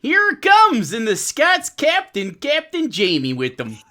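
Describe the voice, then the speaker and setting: Reader as a brisk captain bringing orders. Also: high voice, huge pitch swings, pushed and bright, exaggerated voice. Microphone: voice call.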